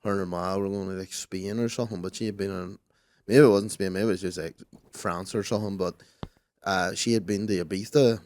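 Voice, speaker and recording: A man's voice: low-pitched, fairly even intonation, brisk, darkish tone, dry recording. A young man co-hosting a podcast, telling crude stories in casual chat and laughing along. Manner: crude, laughing storyteller, drops to a murmur when quoting. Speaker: podcast co-host.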